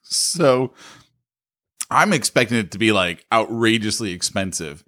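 A man co-hosting a podcast, telling a story about himself with a self-mocking laugh. His voice is mid-pitched, and his intonation rises and falls a lot as the story goes on. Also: animated, measured pace, long pauses, pushed and bright. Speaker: podcast co-host.

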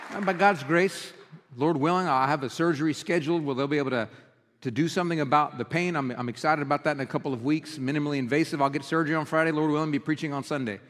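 A man's voice: fairly high pitch, quick pace, fairly bright tone, some chatter behind. A man preaching a sermon as pastor, earnest and emotional in his delivery. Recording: reverberant hall.

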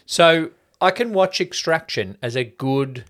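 A man's voice: a little high, animated, unhurried, a bit bright. A man co-hosting a casual movie review podcast, arguing his points emphatically and swearing now and then. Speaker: podcast co-host. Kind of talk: casual film review chat.

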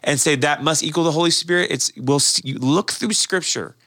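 A man's voice: on the high side, brisk, a bit bright, no echo, studio quality. A male pastor explaining faith in a casual, earnest discussion, often repeating words as he restarts his thoughts.

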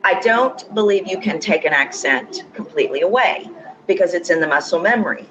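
A woman's voice: on the low side, expressive, fairly quick, highs cut off. A woman accent coach explaining her views as a podcast guest, confident and emphatic. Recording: audible background noise.

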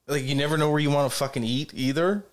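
A man's voice: a little high, fast. A man co-hosting a podcast, speaking bluntly and opinionated in casual chat, swearing often. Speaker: podcast co-host.

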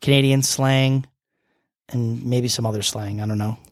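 A man's voice: mid-range voice, fairly even intonation, moderate pace, no echo, studio quality. A young man co-hosting a podcast, joking and rambling through the show info. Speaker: podcast co-host. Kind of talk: casual chat.

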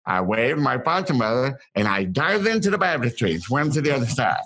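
A man telling stories from his childhood as an interview guest, in halting bursts with many restarts and repeated words. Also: medium pitch, big pitch swings, fairly bright tone, breathy edge, poor audio. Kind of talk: casual storytelling.

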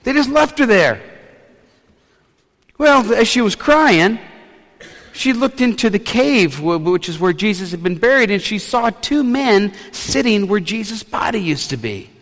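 A man's voice: sits high, lively intonation, measured pace, a bit bright, big-room sound. A man preaching a sermon, retelling a scripture story with playful asides. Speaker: pastor.

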